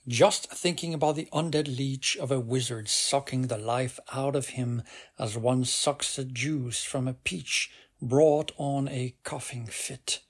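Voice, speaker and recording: A man narrating a fantasy novel as a bedtime audiobook, in a soft, unhurried and even manner with a gravelly, husky voice. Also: mid-range voice. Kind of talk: slow bedtime audiobook reading.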